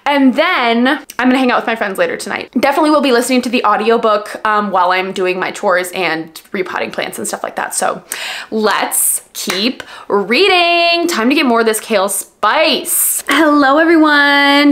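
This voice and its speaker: A woman's voice: on the high side, a bit bright. A woman chatting casually in a book vlog, gushing and full of fillers. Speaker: book vlogger. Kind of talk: casual reading vlog chat.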